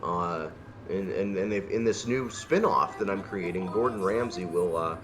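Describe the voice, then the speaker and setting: Joking man co-hosting over loud music. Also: low voice, normal speed. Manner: rambling, jokey, restarts. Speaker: charity stream co-host. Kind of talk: casual joking stream chat.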